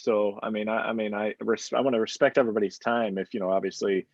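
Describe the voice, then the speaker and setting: A man's voice: lowish voice, fairly even intonation, fast talker, vocal fry, no echo, dull audio. A man hosting a real estate panel, casual and hesitant, full of fillers. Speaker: host.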